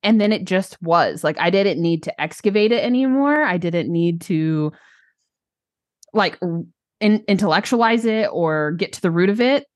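Animated storytelling woman, dry close sound. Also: fairly low pitch, moderate pace, dry recording. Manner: animated storytelling, acts out quoted lines. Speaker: podcast co-host, business coach. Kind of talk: casual chat.

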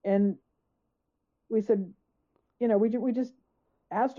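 A woman speaking as a guest author, telling her story with emphasis and acting out her own questions in quotes. Her voice comes through a narrow, tinny line like a phone call, at an ordinary middle pitch. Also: normal speed, pauses often. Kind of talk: conversational storytelling.

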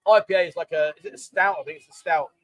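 A man's voice: a little high, rapid-fire, dry recording, rough recording. A man hosting a casual live chat show from a bar, chatty and scattered, thanking people by name as he goes. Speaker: host. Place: Pattaya bar.

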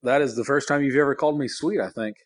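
Calling in by phone from a car parked in his garage, a medium-pitched man co-hosts a casual podcast at a quick pace. He rambles through self-deprecating stories and laughs often, and the recording is dry.

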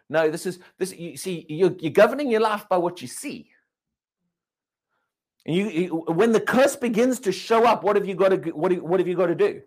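A man's voice: high-pitched, animated, normal speed, a little mellow. A man preaching a sermon, emphatic and questioning, repeating and restarting words as he drives his points home.

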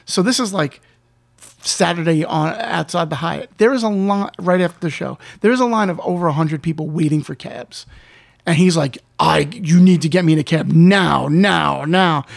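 A man telling a story in casual chat, animated, acting out the lines of the people he quotes. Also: high voice, a little fast, vocal fry. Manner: animated anecdote, acts out quotes. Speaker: guest storyteller.

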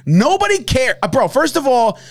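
Brief: young New man, high lively voice, loud and mocking sports rant. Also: normal speed. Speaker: sports podcast host. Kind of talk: heated casual sports chat.

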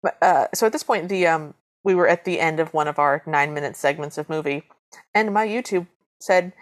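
Dry deadpan podcast lady, lower voice, movie recap chat. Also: a little fast. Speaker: podcast co-host.

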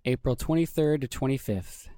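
A man's voice: medium pitch, moderate pace, warm tone, no room sound, studio quality. Upbeat man co-hosting a podcast. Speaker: podcast co-host. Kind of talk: casual podcast chat.

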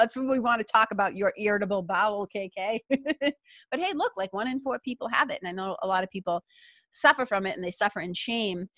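A woman's voice: fairly low pitch, a bit bright, no echo. A middle-aged woman hosting a casual spiritual talk show, chatty and upbeat. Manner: chatty and upbeat, peppered with "like" and laughs. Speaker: podcast host.

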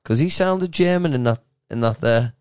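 A man co-hosting a podcast, talking in an animated, opinionated casual chat. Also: medium pitch, normal speed, smooth, no room sound. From Australia. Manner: animated, opinionated, laughing often. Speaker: podcast co-host.

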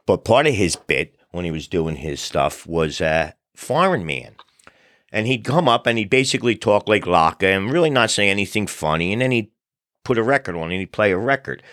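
A man hosting a podcast, telling funny stories in a relaxed, animated way. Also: fairly low pitch, moderate pace, no echo, clean studio sound. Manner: animated storyteller, acts out crowd voices. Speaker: podcast host. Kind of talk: casual storytelling chat.

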